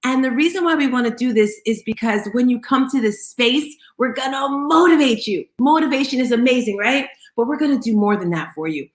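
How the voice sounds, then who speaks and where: A woman's voice: high voice, animated, a little fast, few pauses, roomy sound. Upbeat woman hosting an audio chat room. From Bermudian family. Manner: upbeat, greeting listeners by name. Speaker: host.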